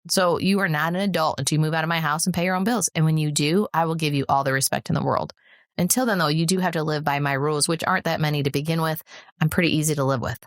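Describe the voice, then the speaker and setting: A woman's voice: sits low, steady tone, fast, no echo, studio quality. A middle-aged woman co-hosting a podcast, telling parenting stories bluntly and laughing often in casual chat. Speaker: podcast co-host.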